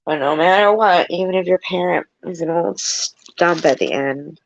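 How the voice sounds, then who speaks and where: A woman's voice: fairly low pitch, normal speed, vocal fry, no echo, lo-fi sound. A sentimental woman in a casual vlog, rambling and explaining herself as she reads a children's book aloud.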